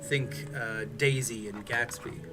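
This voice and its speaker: A man's voice: mid-range voice, fairly even intonation, takes it slowly. A man chatting casually on a stream, rambling with many fillers and restarts. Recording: music playing behind.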